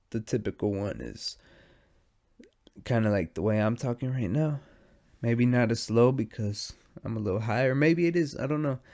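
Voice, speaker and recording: A young man hosting a podcast alone, high and sleepy, rambling in casual, profane slang. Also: darkish tone. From United States. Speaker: podcast host. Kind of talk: casual stoned monologue.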